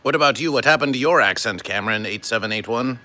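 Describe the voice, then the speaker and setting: A man hosting a comedic livestream, talking to his chat in a deadpan, stilted, formal way and calling himself by his show's name. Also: medium pitch, fast talker. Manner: deadpan, stilted formal phrasing, refers to himself in third person. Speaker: livestream host.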